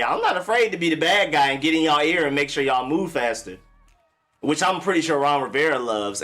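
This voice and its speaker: A young man hosts a football live stream in an easygoing, slang-filled way, calling out viewers as he talks. His voice sits at a middling pitch. Faint music plays behind him. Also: fairly bright tone. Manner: loose, slangy, chatty, greets viewers. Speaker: sports live stream host. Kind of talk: casual live-stream talk.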